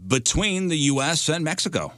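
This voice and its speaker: A man's voice: on the high side, sing-song, normal speed, fairly bright tone, dry recording, studio quality. A man hosting a radio show, chatting casually and joking as he reads out news items.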